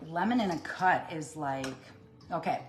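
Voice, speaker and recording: Upbeat, slightly low-voiced woman cooking live. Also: expressive, unhurried, soft background music. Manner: upbeat and chatty, addresses viewers as "you guys"; talks while chopping and cooking. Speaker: plant-based nutrition coach. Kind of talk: casual cooking livestream. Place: kitchen.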